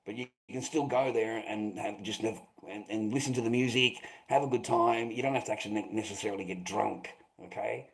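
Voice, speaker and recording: A man's voice: on the low side, fairly quick, gravelly, few pauses, low-quality recording. Rambling Australian man, swearing casually. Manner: swears often, fills gaps with "rah, rah". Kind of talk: rambling anecdote.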